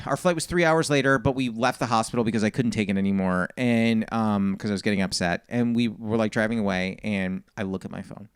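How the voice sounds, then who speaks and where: A man's voice: fairly low pitch, creaky, clear, resonant tone, no room sound, studio quality. A man and comedian telling a long story in a casual podcast chat, acting out the people in it. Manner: animated storyteller, quotes people. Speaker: comedian guest.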